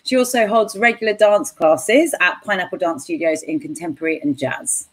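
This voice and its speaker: A woman's voice: lowish voice, moderate pace. Bubbly female live-stream co-host. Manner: bubbly, laughs often, playful. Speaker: co-host of a live online dance show. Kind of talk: casual live-stream hosting.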